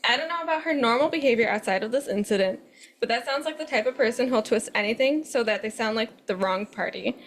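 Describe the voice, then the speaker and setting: Woman, co-host, reading forum posts aloud, animated, quick to laugh, fairly high voice.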